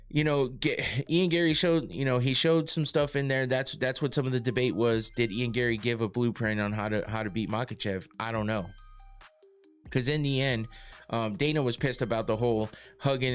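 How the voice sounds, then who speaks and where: A man's voice: mid-range voice, clean tone. A man hosting a casual podcast, rambling through his points with lots of fillers, restarts and swearing. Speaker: podcast host reading live chat.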